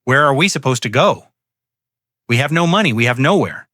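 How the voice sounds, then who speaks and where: A man's voice: mid-range voice, animated, a little fast, a bit bright, dry recording, clean studio sound, close to an everyday voice. A man voicing a panicked, entitled grown daughter who shrieks and pleads. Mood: pleading.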